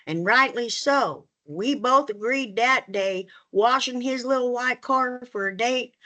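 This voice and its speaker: A woman's voice: fairly high pitch, measured pace, bright, forceful tone. A woman reading her own comic personal story aloud at a reading, with folksy Southern turns of phrase. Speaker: student reader. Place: reading event room.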